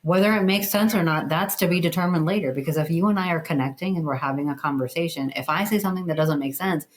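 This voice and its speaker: A woman talking as a guest in a casual interview, explaining her points in an animated, emphatic way with plenty of "like". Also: low-pitched, quick pace, rough recording. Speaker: guest, communication educator.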